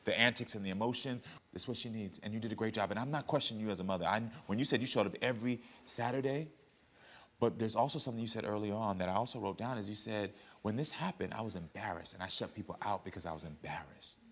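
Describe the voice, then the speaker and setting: A man hosting a talk show, mediating calmly and empathetically between guests. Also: fairly low pitch. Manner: calm, measured, guiding and empathetic.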